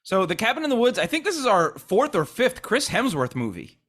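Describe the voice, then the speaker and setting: A man's voice: high-pitched, huge pitch swings, fairly quick, fairly bright tone. A man co-hosting a movie podcast, chatting casually and cracking dry puns. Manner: dry, punning jokes. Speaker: podcast co-host. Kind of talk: casual chat about movies.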